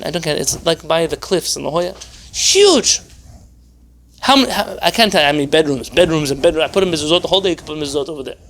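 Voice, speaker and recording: A man teaching an informal Torah class as a rabbi, animated and wry, firing off rhetorical questions and sarcastic asides. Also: high voice.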